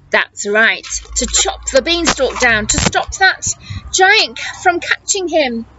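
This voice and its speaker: A teacher reading a picture book aloud to children in an animated way, gasping and asking questions. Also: female voice, high voice, takes it slowly. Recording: muffled recording with hiss.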